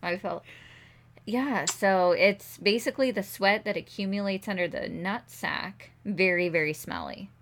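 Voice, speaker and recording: A woman co-hosting a podcast in casual chat, blunt and giggly, reading things aloud flatly. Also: mid-range voice, a little slow. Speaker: podcast co-host.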